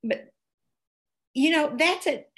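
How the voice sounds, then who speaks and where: A woman guest telling earnest, animated personal anecdotes in casual conversation. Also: high voice, slow. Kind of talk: casual storytelling.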